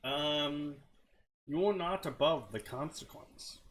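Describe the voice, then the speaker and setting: A man's voice: fairly high pitch, slow, a bit bright, slight background noise. An Australian man giving a comedic, over-the-top dramatic reading with sarcastic asides. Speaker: co-host reading fanfiction.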